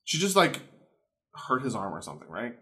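A man's voice: mid-range voice, wildly swooping pitch, brisk, sharp tone. A man co-hosting a podcast, recapping a film in casual chat with crude jokes. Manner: crude jokey banter, acts out characters. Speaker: podcast co-host.

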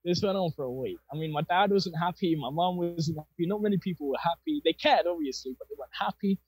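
A young man with a husky voice, telling his personal faith story in an earnest, rambling way with plenty of fillers. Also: on the high side, fast talker. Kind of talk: casual personal testimony.

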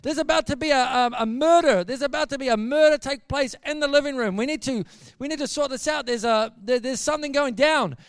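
A preacher voicing his excitable island-raised friend, who panics in a rush of urgent words. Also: on the high side, normal speed, clear, resonant tone, close to an everyday voice. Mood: frantic. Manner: frantic, panicky, breathless urgency. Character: excitable young man from a remote island.

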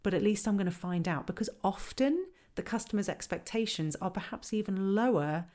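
A woman on a podcast explaining how to handle complaints, lively and acting out the lines customers and staff might say. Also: mid-range voice, a little fast. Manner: animated, acts out quoted dialogue. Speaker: customer service trainer.

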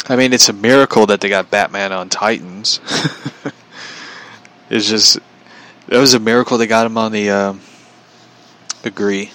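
A man's voice: lowish voice, sharp tone. A young man chatting casually on a livestream, rambling, often chuckling and reading out viewer comments. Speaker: vlogger.

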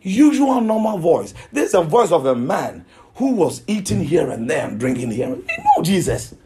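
A man's voice: fairly high pitch, huge pitch swings, moderate pace, warm tone, slight background noise. A man preaching a sermon, emphatic, repeating himself and asking his listeners questions.

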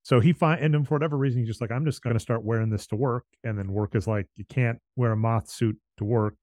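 A man's voice: medium pitch, fairly even intonation, fast, a little mellow, dry recording. Guy rambling thru comic plots, middle voice, dry close mic. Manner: explains at length, retells scenes with quoted voices. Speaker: podcast co-host. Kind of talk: casual chat about comics.

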